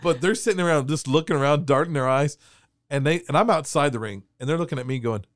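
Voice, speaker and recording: A man telling a story on a podcast in a casual, animated way, laughing and acting out the voices of people in his anecdotes. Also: fairly high pitch, quick pace, slight background noise. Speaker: wrestling referee telling a story.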